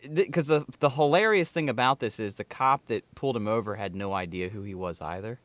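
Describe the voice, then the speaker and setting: A man's voice: on the low side, brisk, fairly bright tone, dry recording. A man co-hosting a podcast in loose, rambling, profane casual chat. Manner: loose, rambling, swears freely. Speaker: podcast co-host.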